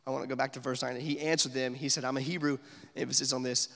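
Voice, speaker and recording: A man's voice: mid-range voice, flat delivery, rapid-fire, fairly bright tone, long reverb tail. A man preaching a sermon in a casual, conversational way, full of fillers, sometimes dropping almost to a whisper for emphasis. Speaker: pastor.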